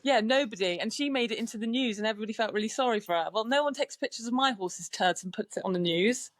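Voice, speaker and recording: A woman guesting on a podcast, telling animated stories, swearing casually and acting out what people said. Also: fairly high pitch, quick pace, no echo. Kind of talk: casual storytelling chat. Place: podcast studio.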